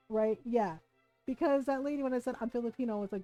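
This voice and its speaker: A woman from the United States telling an animated story on a livestream, swearing freely and laughing often. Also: fairly high pitch, moderate pace, dry recording, faint music behind, low-quality recording. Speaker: streamer.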